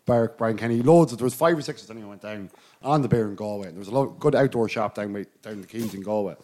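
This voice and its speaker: Fast-talking low-voiced Irish man. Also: a little mellow. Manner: rambling anecdotal storyteller, laughs often. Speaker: podcast co-host. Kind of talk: casual sports chat.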